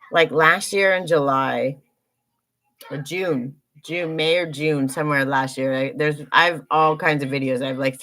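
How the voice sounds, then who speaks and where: A woman's voice: low-pitched, a bit bright, poor audio. A woman hosting a spiritual guidance livestream, talking in a rambling, earnest way with many fillers and repeated phrases. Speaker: intuitive guidance livestream host. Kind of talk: casual spiritual livestream talk.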